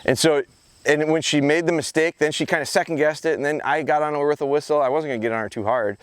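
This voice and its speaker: A man explaining dog training drills out in a rural field, switching between calm explanation and short commands and praise. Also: fairly high pitch, quick pace, clean tone, no echo. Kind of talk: outdoor training vlog, explaining while working the dog.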